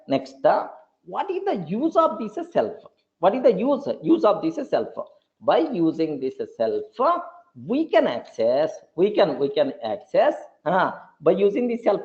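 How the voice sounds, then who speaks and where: A man teaching a programming class. He repeats key points and often stops to check whether the students understand. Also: on the high side. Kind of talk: classroom lecture. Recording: dull lo-fi recording.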